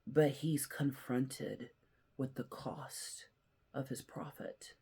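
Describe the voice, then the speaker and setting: A man hosting his own commentary show, telling a story earnestly and shifting between loud emphasis and hushed, near-whispered lines. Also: mid-range voice, fairly even intonation, takes it slowly, gravelly, breathy edge. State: emotional, near tears. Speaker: host. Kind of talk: casual commentary.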